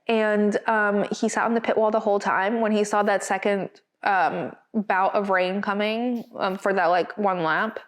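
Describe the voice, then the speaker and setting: A woman co-hosting a podcast, giving a chatty, expressive recap of a race in a casual style. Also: mid-range voice. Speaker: podcast co-host.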